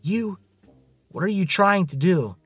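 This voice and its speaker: A man voicing an angry, proud young woman heiress with sharp, indignant retorts. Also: high-pitched, animated, measured pace, husky, dry recording, faint music behind, pitched above the performer's own voice, heavily acted. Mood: furious.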